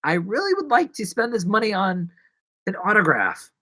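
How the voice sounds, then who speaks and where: A man's voice: sits high, sing-song, moderate pace, sharp tone, dry recording. A man live-streaming from his apartment, chatting in a rambling, jokey, self-mocking way. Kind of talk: casual live-stream chat. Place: apartment in New York.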